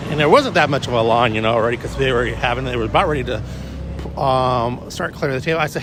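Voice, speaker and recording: A man's voice: mid-range voice, fairly quick, background noise. A man vlogging casually on a morning walk with his dog, telling a rambling personal story with restarts and swearing.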